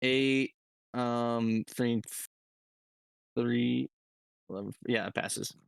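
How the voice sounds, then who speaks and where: A man's voice: medium pitch, fairly even intonation, drawn-out words, gravelly, clear, resonant tone, no room sound. A man playing a tabletop game, hesitant and fumbling through his numbers. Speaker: player. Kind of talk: casual tabletop play.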